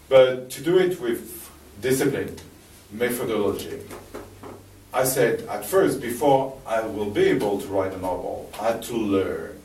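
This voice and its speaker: A man with a French accent giving a live talk to an audience in a library room, telling stories with halting restarts and fillers. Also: lowish voice, big pitch swings, darkish tone, slight background noise. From France. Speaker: speaker giving a presentation. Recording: roomy distant live recording.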